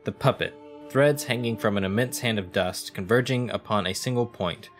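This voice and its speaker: A man's voice: fairly low pitch, normal speed, faint music behind, close to an everyday voice. A man reading out the lines of a mystical street fortune teller in a game, solemn and cryptic, in his own voice.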